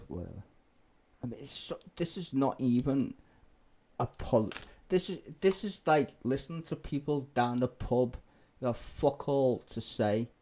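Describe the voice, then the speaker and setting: Sarcastic, swearing streamer. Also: male voice, mid-range voice, lively intonation, a little slow, mellow. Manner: sarcastic, profane ranting. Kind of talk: live-stream reaction commentary.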